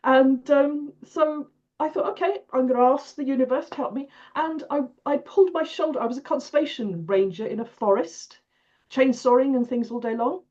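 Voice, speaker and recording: Older woman caller, high voice, chatty storyteller, dull lo-fi call sound. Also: moderate pace, darkish tone. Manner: chatty, repeats herself, laughs often. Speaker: participant. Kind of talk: casual storytelling. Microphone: video call.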